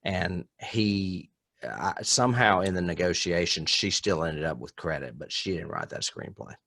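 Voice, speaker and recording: A man's voice: sits low, expressive, moderate pace, creaky, fairly bright tone, no echo. A man co-hosting a podcast, chatting casually and bluntly about a film. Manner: opinionated, blunt. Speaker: podcast co-host.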